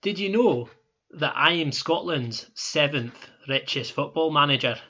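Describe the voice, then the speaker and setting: Man doing a Scottish football manager, crude and grudging, bright tense tone, a bit muffled. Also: a little high, animated, unhurried, heavily acted. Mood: blunt. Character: bitter Scottish football manager in wheelchair, vengeful. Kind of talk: comedy sketch acting.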